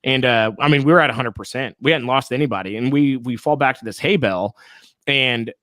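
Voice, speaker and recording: A man talking through a story at an easy, middling pitch, with ums and restarts scattered through his telling. His voice sits close and dry on the mic, with no room sound around it. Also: fairly quick, no echo. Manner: relaxed, rambling recap with fillers. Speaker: podcast host. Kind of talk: casual storytelling chat.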